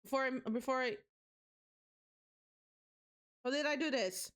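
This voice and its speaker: A woman's voice: high voice, measured pace. A young woman from Portugal with a Portuguese accent, chatting casually with her live-stream chat while building a set. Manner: chatty, animated, reacts to chat.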